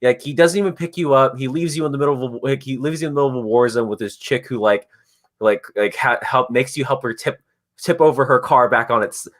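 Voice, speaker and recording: Podcast host, male, casual chat, acts out lines as he talks. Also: medium pitch. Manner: animated storytelling with quick voiced asides.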